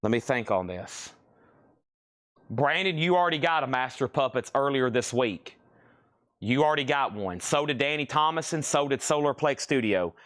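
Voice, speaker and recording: Hosting a live-stream auction of records, a man rambles casually as he announces bids and says item names again and again. He speaks at normal speed with a medium-pitched, animated, somewhat bright voice.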